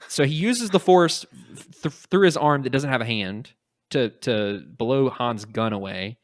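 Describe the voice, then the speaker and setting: A man's voice: mid-range voice, dry recording. Podcast guy recapping a comic, acts out the lines, dry sound. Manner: animated, acts out quotes in quick little voices. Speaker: podcast host. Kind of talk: casual podcast chat retelling a comic.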